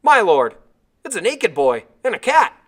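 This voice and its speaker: A man reading a storybook, voicing an excited American sailor who shouts from across the water. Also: medium pitch, moderate pace. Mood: shouting.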